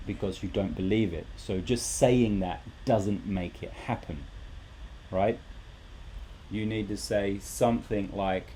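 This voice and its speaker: A man's voice: fairly low pitch, unhurried, dark tone, slight background noise. A man teaching a live English lesson, talking animatedly and repeating rhetorical questions to his students.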